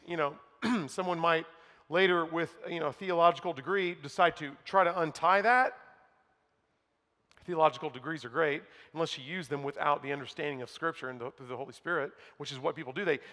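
Male pastor, high bright voice, emphatic preaching with hushed asides, big church reverb. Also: brisk. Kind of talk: sermon. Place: church sanctuary. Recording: long hall reverb.

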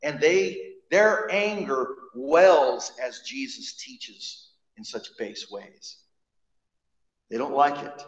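Emphatic preacher in an echoey hall. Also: male voice, medium pitch, animated, slow. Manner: emphatic, frequent repetitions and restarts. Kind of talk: sermon. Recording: echoey hall, dull sound.

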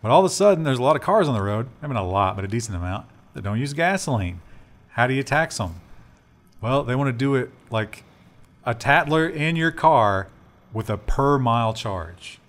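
Lively joking man discussing tech news. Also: mid-range voice, moderate pace. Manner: lively, joking, trails off with fillers. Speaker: news show co-host. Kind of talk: casual tech news banter.

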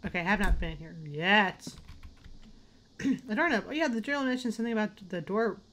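A woman's voice: medium pitch, expressive, a little fast, fairly bright tone, a little hiss or hum. A woman casually commentating a horror game, jumpy, swearing and talking to herself. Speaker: let's play gamer.

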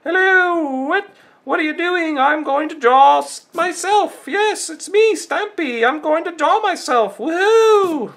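A man doing an impression of an overexcited, cheerful cartoon cat gamer host in a very high, squeaky falsetto that whoops and gushes. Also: lively intonation, takes it slowly, fairly bright tone, full character voice. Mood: gleeful. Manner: whooping, gushing.

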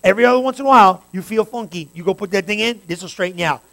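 A man pastor preaching a sermon, talking straight to his congregation and building to fervent, loud stretches. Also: high voice, rapid-fire. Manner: preaching with rising fervor, direct address to the congregation.

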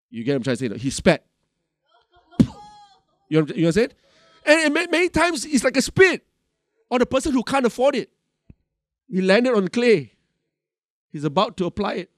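A man's voice: fairly high pitch, no room sound, clean studio sound. A middle-aged male pastor with a Malaysian English accent, preaching a sermon in a conversational way, telling a personal story with lots of asides and fillers.

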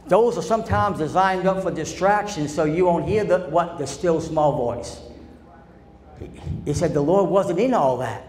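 A man's voice: a little high, moderate pace, a little mellow, roomy sound. A male pastor preaching in a church sanctuary, his voice ringing around the room and carrying faint ambient hum behind it. He talks in a call-and-response style, asking the congregation to answer him. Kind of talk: sermon.

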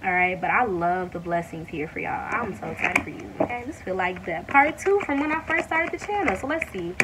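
A woman giving a casual tarot reading to her viewers, talking warmly to them as y'all and breaking into excited exclamations. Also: mid-range voice, recorded from a distance, background noise. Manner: excited, animated bursts with drawn-out exclamations; addresses viewers as y'all, many fillers. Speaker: tarot reader.

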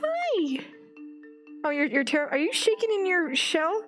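A woman's voice: very high-pitched, sing-song, a little slow, fairly bright tone, faint music behind. A young woman commenting on a game, gasping, squealing and talking baby-talk to the animals. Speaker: gaming video creator. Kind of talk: excited gameplay commentary.

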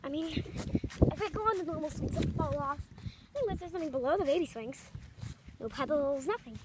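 A woman voicing an excitable, clumsy young girl at a playground, chattering through everything she does and yelping when she tumbles. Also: extremely high pitch. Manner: chatty running self-commentary, squealing and yelping. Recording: noisy background.

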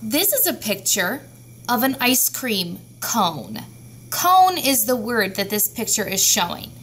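A woman teaching a phonics lesson to young children, sounding out each letter slowly and clearly. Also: fairly high pitch, sing-song, a bit bright.

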